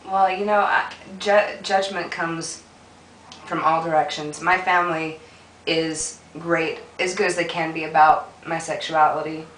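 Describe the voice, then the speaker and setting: A young woman answering interview questions in a soft, halting way, tearful and often laughing. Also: low voice, steady tone. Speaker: interview guest, dancer. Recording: echoey room, distant mic, faint noise.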